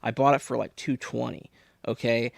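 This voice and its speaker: Gravelly-voiced man telling a long story. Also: medium pitch, normal speed, dry recording, studio quality. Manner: rambling, animated storyteller with many restarts. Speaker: podcast guest. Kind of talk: casual storytelling.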